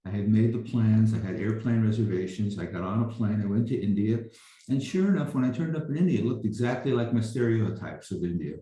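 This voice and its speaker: An older man with a deep, very mellow voice tells a personal story over a video call. He rambles, restarting often. The room around him is very echoey. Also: expressive, brisk. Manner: rambling, with frequent restarts and fillers. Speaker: speaker sharing a memory.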